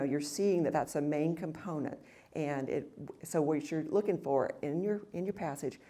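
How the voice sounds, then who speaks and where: A woman's voice: low voice, mellow. A woman teaching a Bible study session at a women's retreat, reading verses aloud and then explaining them with frequent fillers and restarts.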